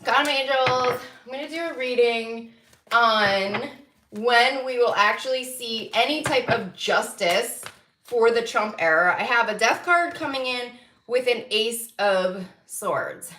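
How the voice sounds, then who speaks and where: A woman's voice: fairly high pitch, slow, echoey room, background noise. A woman doing a livestreamed tarot reading, venting angrily with lots of swearing and breaking into laughter. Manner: angry, profane venting broken by laughter. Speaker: tarot reader.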